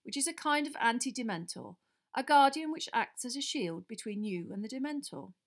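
A woman reading an audiobook, voicing a calm, kindly male wizard teacher who explains in a measured, patient way. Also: on the high side, voice pushed up. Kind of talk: audiobook character voice.

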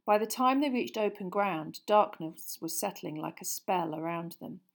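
A woman reading an audiobook chapter in a hushed, suspenseful storytelling manner. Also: fairly low pitch, lively intonation, moderate pace, gravelly. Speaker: audiobook narrator. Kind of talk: scripted narration.

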